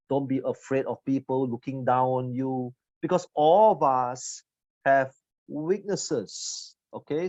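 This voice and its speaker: A man in his forties giving a motivational seminar talk, blunt and teasing, swinging between loud jabs and quiet asides. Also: mid-range voice, no echo. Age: 40s. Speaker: seminar trainer. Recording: dull lo-fi audio.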